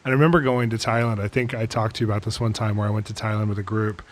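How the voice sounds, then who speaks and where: Low-voiced man, casual guest. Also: flat delivery. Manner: quick reactions and laughter, joking. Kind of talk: casual ministry chat.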